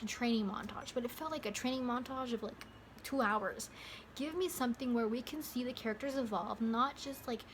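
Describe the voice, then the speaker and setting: A woman's voice: on the high side, a little hiss or hum. A young woman talking casually to camera in a movie review vlog, rambling and interrupting herself with lots of fillers. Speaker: vlogger.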